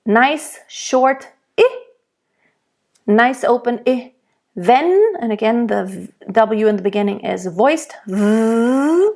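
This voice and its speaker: A woman with a German accent leads a diction lesson for singers. Her voice sits fairly high, and she takes her time, saying each sound aloud before explaining it. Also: darkish tone. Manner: explains slowly, models pronunciation aloud. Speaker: singing teacher.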